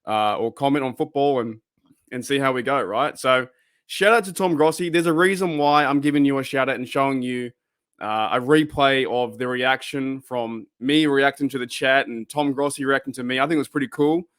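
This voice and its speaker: A man's voice: mid-range voice, moderate pace, fairly bright tone, no echo, clean studio sound. Laid-back Australian man. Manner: laid-back, chatty, rambling with fillers. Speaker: channel host. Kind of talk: casual fan commentary.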